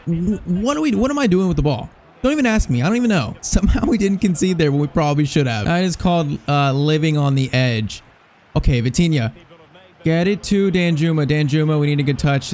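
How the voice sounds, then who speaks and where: A young man giving live, excitable commentary over a football video game, reacting nervously and shouting at big chances. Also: a little high, a little fast. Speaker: gaming YouTuber.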